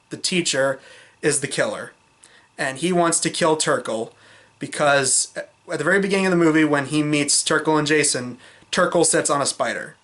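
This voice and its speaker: Rambling man with a high-pitched voice. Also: fairly bright tone. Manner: rambling, with many fillers and restarts; frank, exasperated criticism. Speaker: film reviewer. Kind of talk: casual review vlog.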